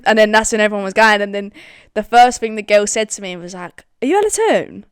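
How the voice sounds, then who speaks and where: A young woman with a Scottish accent chats casually on a podcast, swearing freely and laughing often. Her voice is smooth and clear, recorded close and dry with no room sound. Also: medium pitch, steady tone, fast, no echo. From Scotland. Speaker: podcast co-host. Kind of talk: casual chat.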